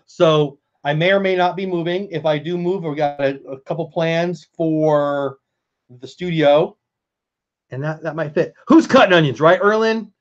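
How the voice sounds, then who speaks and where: A man's voice: on the high side, measured pace, muffled recording. A man hosting a casual live stream, chatting with viewers and answering chat as he goes.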